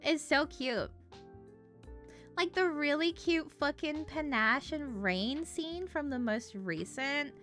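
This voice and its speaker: A woman's voice: a little high, bright, forceful tone. A woman streamer chatting casually, giggling often and swearing freely.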